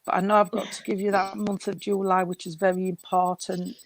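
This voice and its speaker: A woman's voice: medium pitch, flat delivery, brisk, no room sound, low-quality recording. A woman giving a spiritualist mediumship reading, emotional and affectionate, calling the listener darling and sweetheart. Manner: emotional, tearful, affectionate, calls people darling. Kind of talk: mediumship reading in a church service.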